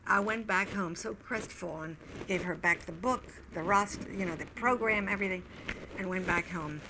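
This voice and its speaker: An older woman, an interview guest, recounting memories in a reflective, halting way. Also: medium pitch, background noise. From Wilmington, Delaware, US. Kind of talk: oral history recollection.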